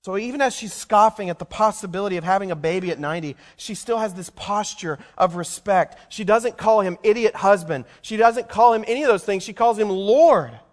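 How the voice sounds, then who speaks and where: This pastor's high-pitched voice moves briskly with few pauses. He preaches conversationally, putting questions to the congregation as he unpacks scripture, and the long hall reverb lingers.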